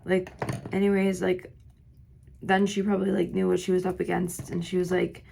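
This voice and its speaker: Woman vlogger, low gravelly voice, slightly hoarse, rambling get-ready-with-me storytime, faint background noise. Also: flat delivery, normal speed, dark tone. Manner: rambling, filler-heavy storytelling. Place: home, doing makeup.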